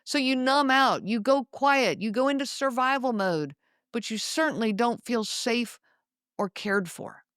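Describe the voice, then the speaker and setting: A woman hosting a podcast, talking in a measured, explanatory monologue and slowing down to stress key words. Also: on the high side, expressive, a bit bright, no room sound, clean studio sound. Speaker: podcast host.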